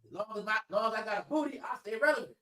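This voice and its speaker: A man putting on a vain, washed-up female pop singer in a hushed, quick, mocking voice. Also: sits high, lively intonation, roomy sound, recorded from a distance. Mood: smug.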